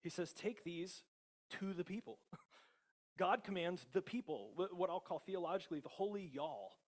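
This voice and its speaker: A man's voice: high-pitched, expressive, moderate pace. A male pastor with an American accent preaching a casual, conversational sermon, often chuckling and checking in with the congregation. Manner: conversational, laughs often, many tag questions.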